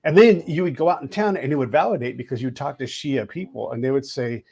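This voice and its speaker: A man hosting a podcast, telling blunt, animated anecdotes in a casual chat. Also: medium pitch, fast talker, gravelly, hardly any pauses, slightly rough. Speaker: podcast host.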